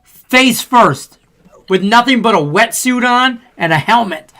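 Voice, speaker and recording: A man co-hosting a casual sports betting podcast, rambling and profane as he tells animated stories. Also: extremely high pitch, a little slow. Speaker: podcast co-host.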